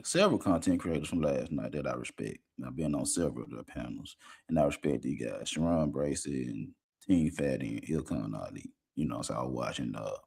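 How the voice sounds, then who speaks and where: A man hosting a casual livestream show, rambling and slangy, talking a lot while high. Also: vocal fry, darkish tone, breathy edge. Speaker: podcast host.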